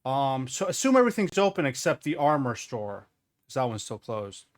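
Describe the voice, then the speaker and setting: Animated male game master. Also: medium pitch, normal speed. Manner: animated, rambling narration with asides. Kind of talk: narrating a tabletop game.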